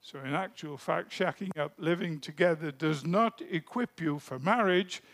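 A man preaching a sermon in a deliberate, emphatic way, letting his phrases trail off softly at the ends. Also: a little high.

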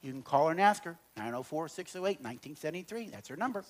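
A middle-aged man speaking to an audience about relationships, telling humorous stories and swinging between loud and quiet. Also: on the high side, animated, fast talker. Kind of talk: humorous storytelling talk to an audience.

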